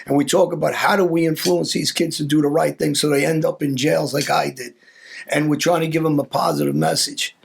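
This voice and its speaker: An opinionated male host with a heavily gravelly, husky voice pitched a bit high. He talks earnestly, restarting and doubling words as he presses his point. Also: fairly even intonation, a little fast. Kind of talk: casual conversation.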